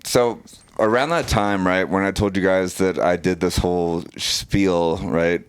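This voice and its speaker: A man's voice: low-pitched, unhurried, clean tone, dry recording. Profane American man telling a wild story. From United States. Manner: profane, animated storytelling with lots of "dude" and "right?". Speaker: podcast guest, former pararescue operator. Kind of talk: casual storytelling.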